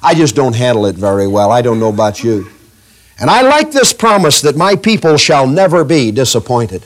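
A man's voice: mid-range voice, sing-song, low-quality recording. Lilting, emphatic preaching man. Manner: emphatic and lilting, slows on key phrases; asks the congregation to underline words. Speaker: pastor. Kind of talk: sermon reading scripture aloud.

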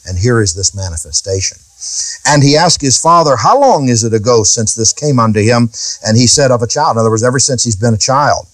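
A man's voice: mid-range voice, animated, fairly quick, no room sound, rough recording. A man preaching a Bible teaching sermon in an emphatic way, reading verses aloud and asking his listeners rhetorical questions.

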